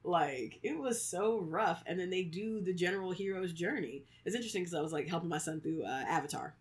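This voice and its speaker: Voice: mid-range voice, fairly quick. A podcast co-host in their thirties talking casually, leaning on "like" and acting out quoted lines with frequent laughs. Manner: animated storyteller, acts out quotes, many "like"s; laughs often. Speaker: podcast co-host, creator of fictional worlds. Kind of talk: casual chat.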